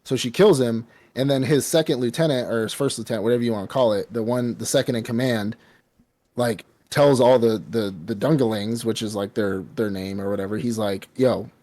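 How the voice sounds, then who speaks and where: A man's voice: medium pitch, brisk. A man co-hosting a podcast, recapping a film in casual, rambling, profane chat. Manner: rambling, profane, animated storytelling. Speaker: podcast co-host.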